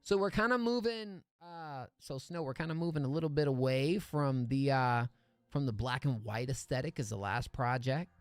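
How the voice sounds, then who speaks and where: A man's voice: mid-range voice, normal speed, smooth, no room sound, soft background music. Slangy laid-back male streamer. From California. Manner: laid-back slangy banter, calls people dog. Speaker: music reaction streamer. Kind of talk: casual stream commentary.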